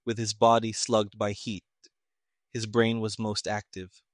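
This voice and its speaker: A man's voice: lowish voice, completely flat delivery, unhurried, no room sound. Man narrating an audiobook, dry sound.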